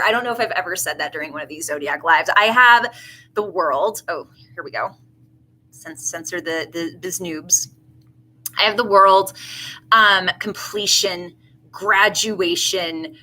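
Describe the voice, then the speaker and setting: A woman's voice: mid-range voice, pushed and bright, poor audio. A woman giving a casual live tarot reading, chatty and effusive with many asides. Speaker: tarot reader.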